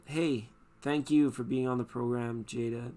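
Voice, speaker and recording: A man's voice: medium pitch, fairly even intonation, a little slow, warm tone, soft background music. A man hosting a live tarot stream, chatting casually and reassuring viewers by name.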